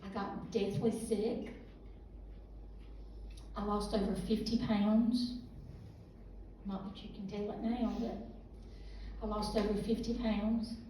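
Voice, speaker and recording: A middle-aged woman giving a halting, emotional personal testimony as a guest speaker at a church youth service. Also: medium pitch, mellow, a little hiss or hum. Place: church hall. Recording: echoey room heard from a distance.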